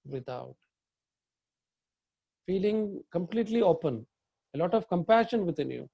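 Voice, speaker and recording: A man, a yoga teacher, slowly guiding a chakra meditation, giving calm breathing instructions and chanting mantras in long tones. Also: high voice, gravelly, slightly rough, no room sound, dull audio.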